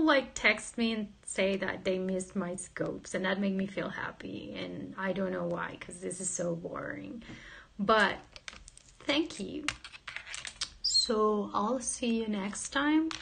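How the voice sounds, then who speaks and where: A woman's voice: medium pitch, vocal fry, a bit bright, slight background noise. A woman casually chatting on a livestream, playful and giggly, joking with viewers and reading their comments aloud. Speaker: livestream host.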